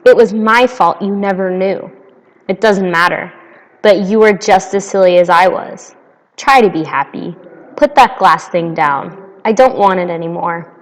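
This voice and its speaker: A woman voicing a proud, delicate female flower in a storybook reading, speaking gently. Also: on the low side, measured pace, lightly acted. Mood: tender, proud. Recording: long reverb.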